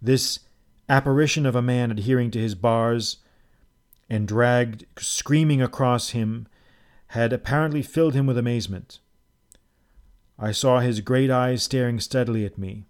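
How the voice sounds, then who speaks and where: Man narrating a tale, middle pitch. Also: fairly even intonation, moderate pace. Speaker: audiobook narrator. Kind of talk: first-person storytelling narration.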